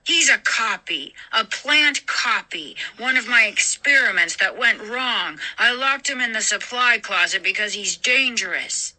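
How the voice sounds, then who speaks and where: A woman voicing a man scientist who slowly and urgently insists he is the real father. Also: fairly high pitch, expressive, bright, forceful tone, heavily acted, low-quality recording.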